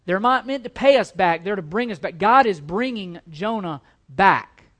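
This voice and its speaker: Guy preaching a sermon, punchy repeats, gets loud then drops quiet, stumbles over words sometimes. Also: high-pitched, expressive, normal speed. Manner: emphatic and repetitive, building to loud stresses then dropping quiet. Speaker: pastor.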